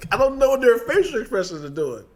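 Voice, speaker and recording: High, excitable man rambling. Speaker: podcast co-host. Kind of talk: casual chat.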